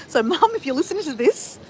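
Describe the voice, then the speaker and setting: A woman's voice: high-pitched, sing-song, a little fast, a little mellow, slight background noise. A woman of fifty chatting casually on a travel livestream and answering viewers in a rambling, talkative way with frequent swearing. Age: 50s. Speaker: travel vlogger.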